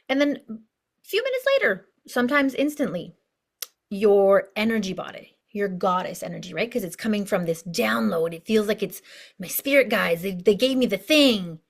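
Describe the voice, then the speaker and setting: A woman's voice: mid-range voice, expressive, normal speed, creaky. Bubbly woman coach, chatty. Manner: bubbly, chatty, many asides. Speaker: life coach. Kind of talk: casual online course lesson.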